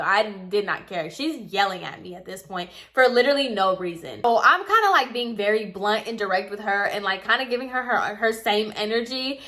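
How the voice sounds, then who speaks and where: Woman vlogger, bright edgy tone, casual exasperated storyteller doing both voices. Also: mid-range voice. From Puerto Rican heritage. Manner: chatty, exasperated, acts out both sides with quoted lines. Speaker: lash tech telling a client story.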